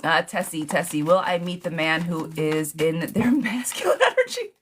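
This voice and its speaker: With a sing-song lilt and a moderate pace, this tarot reader's low voice carries a playful, gossipy live reading where every viewer is darling or girl. A faint noise hums beneath the recording.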